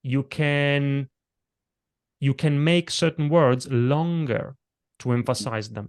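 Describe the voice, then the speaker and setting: A man's voice: mid-range voice, takes it slowly, clear, resonant tone. A middle-aged man, a presentation coach, explaining delivery techniques in a conversational podcast interview. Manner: explanatory, demonstrates vocal techniques as he talks.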